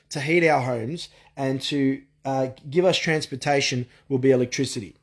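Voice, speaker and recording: A man's voice: fairly high pitch, normal speed, few pauses. A man delivering a frustrated, profane monologue rant full of restarts. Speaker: vlogger. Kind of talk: ranting monologue.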